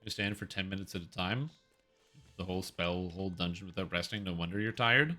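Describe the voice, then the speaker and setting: A man's voice: deep voice, brisk, pushed and bright, soft background music. A man streaming a game, chatting casually and rambling through joking asides. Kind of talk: casual chat while playing.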